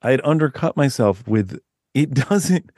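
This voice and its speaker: A man guest on a podcast interview, talking casually as an author, rambling and animated with many restarts. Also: medium pitch, measured pace, dry recording, clean studio sound.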